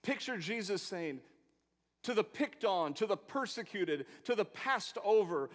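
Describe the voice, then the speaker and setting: A man preaching a sermon, swinging between loud emphatic proclamations and quiet asides, with rhetorical questions and long lists. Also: high-pitched, lively intonation, measured pace. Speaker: pastor. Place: church sanctuary. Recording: long hall reverb in a church.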